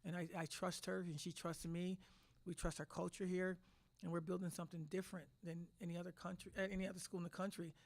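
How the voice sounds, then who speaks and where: A woman's voice: fairly low pitch, flat delivery, fast, no room sound. A middle-aged woman head coach answering press conference questions with emphatic, restarting speech. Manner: emotional, repetitive restarts, emphatic.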